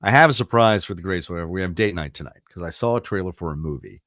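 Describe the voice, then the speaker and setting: Speaking fast with lively intonation, a radio host in his fifties rambles through casual stories, quick to laugh and self-deprecating. His voice sits low and is a bit bright, recorded in a clean studio with no room sound.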